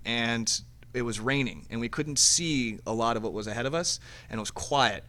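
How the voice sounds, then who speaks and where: A man's voice: mid-range voice, normal speed, pushed and bright. Rambling young American man. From United States. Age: young adult. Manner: rambling, with many restarts and playful sound effects. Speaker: guest. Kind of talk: casual chat.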